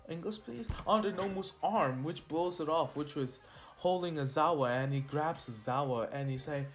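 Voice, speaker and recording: A man's voice: a little high, normal speed. A man casually telling a made-up fan story, rambling, correcting himself and laughing at his own slips. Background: soft lofi music.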